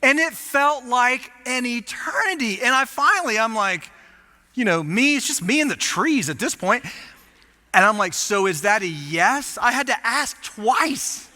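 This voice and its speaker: A lead pastor tells a story from the pulpit in an animated, self-mocking way. His voice sits high and very bright, with real force behind it. The sound carries the long reverb of a church auditorium. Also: unhurried. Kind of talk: storytelling sermon.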